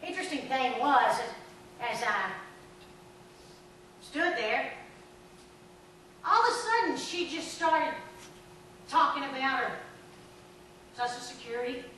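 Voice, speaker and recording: A woman pastor preaching a sermon, telling folksy stories and breaking into animated shouts. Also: high voice, a little slow, long pauses, slight background noise. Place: church sanctuary. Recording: echoey church from far off.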